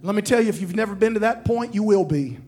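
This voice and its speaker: A man with a high voice preaches a sermon, asking the congregation to say lines back to him. Faint music plays underneath his words. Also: fast, a little mellow. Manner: preaching with call-and-response to the congregation.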